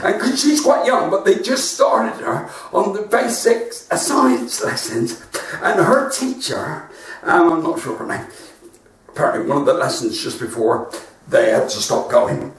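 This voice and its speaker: A man's voice: sits high, big pitch swings, measured pace. An older comedian with a West Country accent, telling stories in a live stand-up show from his front room and laughing at his own jokes. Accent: West Country English. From West Country of England. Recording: roomy, distant home recording.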